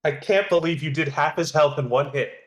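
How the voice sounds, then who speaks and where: A man's voice: a little high, a little fast, fairly bright tone. A man playing a tabletop game, tossing out wry, teasing asides. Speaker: player. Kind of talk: joking game table banter.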